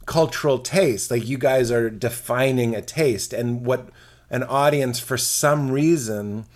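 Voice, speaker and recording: A man's voice: mid-range voice, unhurried. A man, a stand-up comedian, chatting casually and breaking into silly character voices. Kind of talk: casual chat.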